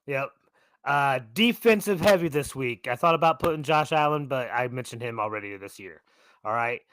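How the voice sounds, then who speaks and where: A man's voice: medium pitch, a bit bright, smooth, dry recording. Insistent man ranting about sports. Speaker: podcast co-host. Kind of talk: casual sports talk.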